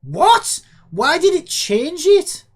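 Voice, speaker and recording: Exasperated woman streamer with lively pitch. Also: slow. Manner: exasperated, scolding an AI chatbot; swearing, sarcastic. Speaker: streamer and game developer. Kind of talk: casual livestream chat while coding.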